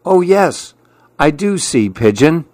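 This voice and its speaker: A gentle, dreamy little mouse who wonders aloud at everything around him, as a man puts him on in a raised, lighter voice. The storybook reading sounds close and dry. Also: a little high, big pitch swings, takes it slowly, dry recording, voice pushed up. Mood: delighted. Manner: wondering and easygoing.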